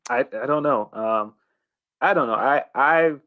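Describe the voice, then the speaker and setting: A man cohosting a casual wrestling podcast, talking in a measured, hesitant way. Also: medium pitch, bright, forceful tone, no room sound. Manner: measured, hesitant, with many restarts and fillers.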